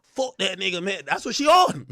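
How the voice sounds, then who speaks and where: Loud, animated streamer man. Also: high voice, normal speed, creaky. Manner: loud, animated storytelling, acts out quotes, laughs often. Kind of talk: livestream commentary.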